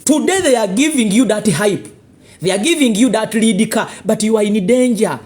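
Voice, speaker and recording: Ugandan-accented political commentator, husky and animated, hammering rhetorical questions at listeners. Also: medium pitch, moderate pace. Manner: confrontational, full of rhetorical questions and warnings. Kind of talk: live political commentary monologue.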